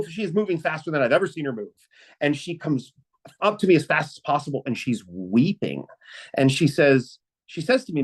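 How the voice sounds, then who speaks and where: A man tells a personal story over a video call at a middling pitch. He is earnest and halting, full of fillers and restarts. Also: poor audio. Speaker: webinar speaker.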